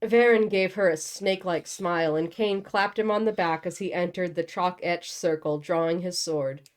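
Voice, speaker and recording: A woman's voice: lowish voice, normal speed. A young woman reading a novel aloud and breaking off for casual, joking commentary. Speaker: book channel host.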